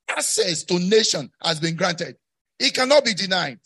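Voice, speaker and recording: West African pastor preaching with repetition. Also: male voice, sits high, big pitch swings, moderate pace, slightly rough. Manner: call-and-response preaching, repeats phrases, rising to shouts. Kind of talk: sermon.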